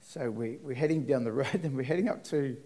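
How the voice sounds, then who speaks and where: Aussie guy telling a church story, mid pitch, gets loud then goes soft, really into it. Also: fairly quick. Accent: Australian. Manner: animated storyteller, voice rising and dropping. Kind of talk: storytelling testimony.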